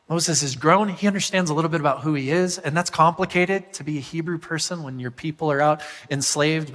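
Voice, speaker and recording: A man with a high-leaning, bright and forceful voice preaches a sermon in a lively way, often asking his listeners questions. His voice carries a long echo from the large hall around him. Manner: animated, asks the crowd questions. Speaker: pastor.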